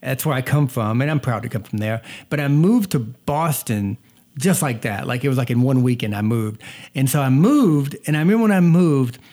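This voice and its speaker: A man's voice: mid-range voice, lively intonation, normal speed, warm tone. A man with a mixed Southern US accent from North Georgia, chatting casually as a family vlogger and telling stories with a slight stutter. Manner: talkative storyteller, repeats words, slight stutter. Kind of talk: casual chat.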